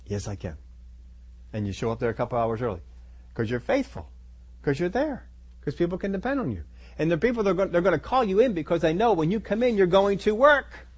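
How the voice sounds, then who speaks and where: Male preacher, fairly high voice, emphatic and repetitive, sermon delivery. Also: expressive, brisk, breathy edge. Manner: emphatic, repetitive declarations addressing the congregation.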